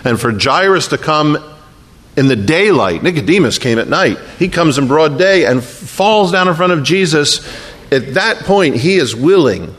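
Preacher man in a reverberant hall. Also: medium pitch. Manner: storytelling, often dropping to a quiet slow hush for emphasis. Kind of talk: sermon. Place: church sanctuary. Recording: long reverb of a large hall.

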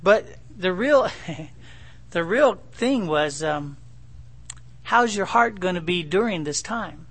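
Bright-voiced, high-pitched male preacher. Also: animated, takes it slowly, pauses often. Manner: conversational, joking, acts out dialogue with God. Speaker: pastor. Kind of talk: sermon.

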